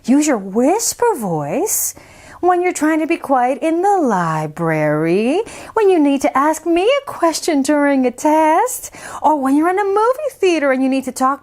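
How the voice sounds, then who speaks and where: A woman elementary music teacher reads a storybook to young children in a bright, high voice that leaps up and down. She breaks in with playful asides and swings from soft whispers to loud calls to show each voice level. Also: moderate pace. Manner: animated, swings between whisper and shout to demonstrate voice levels; playful self-commentary in a lowered voice. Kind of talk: reading a picture book aloud to young children, with asides.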